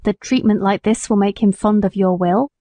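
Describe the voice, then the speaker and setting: Stern old-fashioned squire, woman reading him, mellow tone, earnest and firm. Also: mid-range voice, steady tone, normal speed, no room sound, lightly acted. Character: stern kindly male country squire. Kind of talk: audiobook reading.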